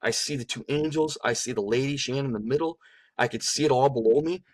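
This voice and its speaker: A man's voice: medium pitch, fast talker, no room sound. Earnest man telling his testimony, dry sound. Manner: earnest, repetitive emphatic phrasing. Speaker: guest sharing a testimony. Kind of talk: emotional personal storytelling.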